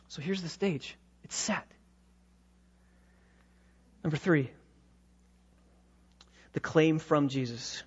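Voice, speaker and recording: High-voiced preacher with dramatic swings. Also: male voice, slow, pauses often, slightly rough, highs cut off. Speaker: pastor. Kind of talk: sermon.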